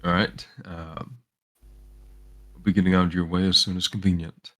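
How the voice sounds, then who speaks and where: A man with a very low voice speaks in character at a tabletop game. He is polite and formal, but his speech hesitates and stumbles when he is flustered. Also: flat delivery, normal speed. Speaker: player. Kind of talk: in-character roleplay.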